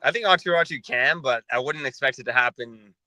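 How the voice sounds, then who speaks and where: A man hosting a sports podcast, talking in a measured, analytical way. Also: medium pitch, sharp tone, dry recording, low-quality recording. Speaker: podcast host.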